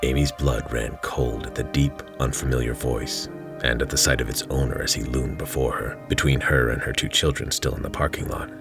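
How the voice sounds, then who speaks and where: A man's voice: rumbling low, fairly even intonation, normal speed, vocal fry, over music. A man reading his own fantasy short story aloud in a dry, wry narrating manner.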